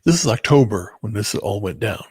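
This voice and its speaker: Man, husky and gravelly, halting storyteller full of "you know"s, dry close sound. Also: on the low side, animated, darkish tone, no room sound. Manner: halting and rambling, heavy filler words, bitter. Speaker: person recounting a breakup. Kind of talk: emotional personal storytelling.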